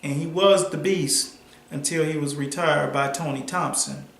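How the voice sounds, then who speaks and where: A man's voice: fairly high pitch, steady tone, fairly bright tone. A man, a boxing trainer, telling a sparring story to camera in slangy, emphatic talk. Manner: slangy, emphatic, drawn-out delivery. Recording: roomy echo.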